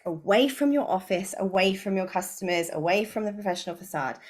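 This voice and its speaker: Woman, business coach on a live webinar, casual and chatty, laughs a lot, mid-pitched voice. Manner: chatty and informal, laughs often. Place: home spare room.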